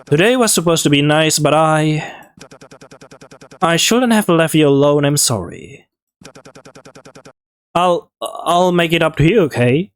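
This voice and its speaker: A game player voicing a gentle, apologetic young man, reading a visual novel aloud in a soft, halting way. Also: medium pitch, expressive, clear, resonant tone, natural voice.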